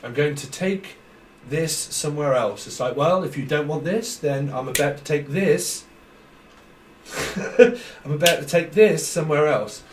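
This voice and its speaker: British man, tarot reader, a touch high-pitched, rambling and chuckling, off-mic in an echoey room with faint hiss. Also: a little slow, long pauses. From Britain. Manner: rambling, stream-of-consciousness, laughs often. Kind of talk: casual tarot reading monologue. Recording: roomy echo, slightly distant mic, faint noise.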